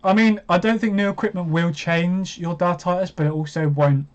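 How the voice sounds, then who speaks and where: A man's voice: sits high, steady tone, moderate pace. A man of twenty-five chatting casually as host of a live stream, laughing often and poking fun at himself. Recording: dull lo-fi stream audio.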